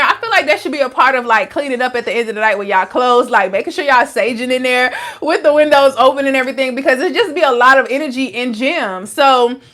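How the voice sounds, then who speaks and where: High-voiced woman, frank chatty coach. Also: a bit bright. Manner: frank and chatty, with frequent "like" and slang. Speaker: wellness coach. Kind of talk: casual live-stream talk answering viewers.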